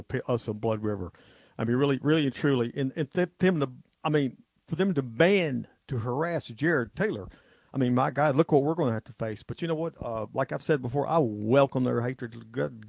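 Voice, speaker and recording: A man's voice: mid-range voice, vocal fry, a little mellow, no room sound. A man hosting a talk show, ranting in an agitated, rambling way and repeating himself. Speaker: radio talk show host.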